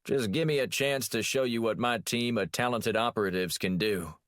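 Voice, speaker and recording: A man's voice: mid-range voice, normal speed, fairly bright tone, dry recording, clean studio sound, pitched above the performer's own voice, natural voice. Brash Texan boss with swagger, as a man imitates him. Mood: boastful. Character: Texan male boss impression, bossy.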